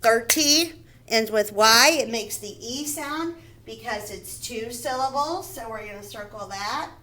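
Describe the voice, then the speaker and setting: Slow, patient first grade teacher woman. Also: a little high, sharp tone, poor audio. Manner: slow, deliberate, repeats words and sounds them out. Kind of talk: phonics lesson for young children.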